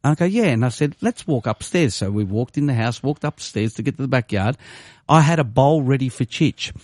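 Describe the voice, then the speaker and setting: A man's voice: mid-range voice, a little fast, no room sound, studio quality. A male radio host, telling a story in casual chat and acting out the people in it. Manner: animated, swings into quoted voices, laughs easily. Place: radio studio.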